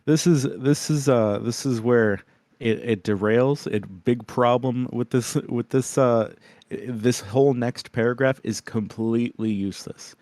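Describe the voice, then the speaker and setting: A man co-hosting a casual podcast, talking haltingly with many fillers and restarts. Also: mid-range voice, a little mellow, no echo. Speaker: podcast co-host. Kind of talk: casual group chat.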